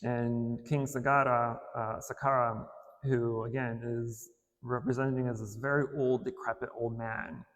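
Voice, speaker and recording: A man giving a casual dharma talk in a temple, retelling a story in a relaxed way with filler words and light chuckles. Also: mid-range voice, unhurried. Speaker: temple speaker. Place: temple hall. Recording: long hall reverb.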